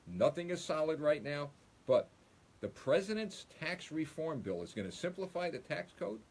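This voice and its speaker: Husky middle-aged guy doing a political live stream, punchy and repetitive, voice swings up and down a lot. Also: fairly high pitch, a little mellow. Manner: emphatic, repetitive, addresses listeners as folks. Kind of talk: political commentary monologue.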